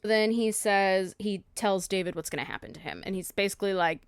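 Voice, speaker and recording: A woman's voice: mid-range voice, a little slow, clear, resonant tone, dry recording, clean studio sound. A woman co-hosting a faith podcast who reads scripture aloud and retells it in casual slang. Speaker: podcast co-host. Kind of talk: casual chat retelling a Bible story.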